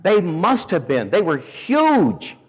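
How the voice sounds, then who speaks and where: A man preaching at a school gathering, telling a comic story in a playful, animated way and acting out the people in it. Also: sits high, takes it slowly, husky. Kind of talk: sermon told as a comic story. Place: school chapel or auditorium. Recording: echoey hall.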